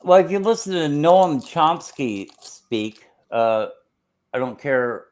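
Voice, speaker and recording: A man chatting casually as a guest, talking in a halting, wordy way with many pauses and rather formal word choices. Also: on the high side, lively intonation. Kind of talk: casual chat.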